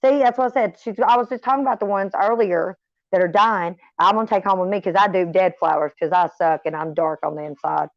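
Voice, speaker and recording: This middle-aged woman vlogger has a lower voice and talks fast, chatty and profane, rambling casually and wandering off on tangents with her viewers. The sound is dull and dry, with no room sound.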